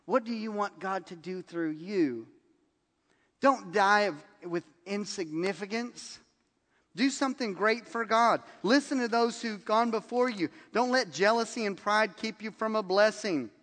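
Speaking at a measured pace in a high-pitched voice, a pastor fills a large hall with an animated storytelling sermon, performing the quoted lines of its characters and laughing along.

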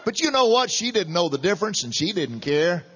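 A middle-aged man preaching a sermon, animated and chuckling between points. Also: high-pitched, fairly quick, husky, big-room sound. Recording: dull lo-fi sermon recording.

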